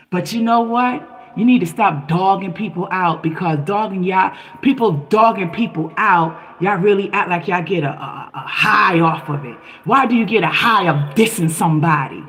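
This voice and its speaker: A woman's voice: fairly low pitch, fairly bright tone, rough recording. A woman talking to her live-stream viewers in a passionate, preachy monologue, firing off rhetorical questions. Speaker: livestream host.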